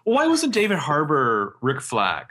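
Sarcastic, profane man in casual chat; bright, animated delivery. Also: on the high side, unhurried.

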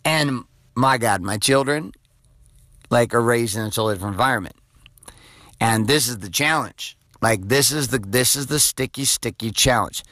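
A man in his forties hosts a podcast, talking off the cuff in an intense, profane, filler-heavy way. His voice is forceful and tense. The sound is dry and close. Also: medium pitch, normal speed, no room sound. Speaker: podcast host. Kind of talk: off-the-cuff motivational monologue.

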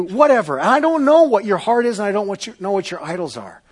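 Male pastor mid-sermon, high voice, very animated delivery, shifts from loud to hushed. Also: fast, hardly any pauses, breathy edge.

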